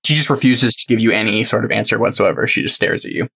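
A man's voice: lowish voice, fast, creaky, bright, forceful tone, breathy edge. A man running a tabletop game as game master, narrating in an easygoing, loose way.

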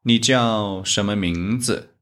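Slow, low-voiced Chinese teacher. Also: male voice, a bit bright. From China. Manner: speaks Chinese examples slowly and deliberately. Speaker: Chinese teacher, podcast host. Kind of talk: slow, methodical language lesson.

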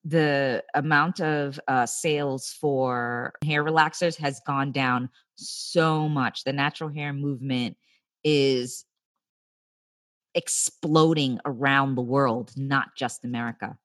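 A woman's voice: a bass voice, steady tone, slow pace, a bit bright, no room sound, studio quality. A woman with a New York accent and a slight Australian lilt, chatting casually and hedging her points. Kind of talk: casual discussion.

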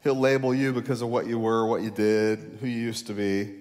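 A male pastor delivering a sermon in a mid-range voice. He climbs loud and high on his key points, then sinks to a low, slow hush. His voice carries a long reverb from a large church hall. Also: flat delivery.

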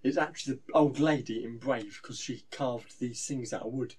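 A man co-hosting a casual podcast chat, quick and expressive. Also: medium pitch, husky. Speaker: podcast co-host.

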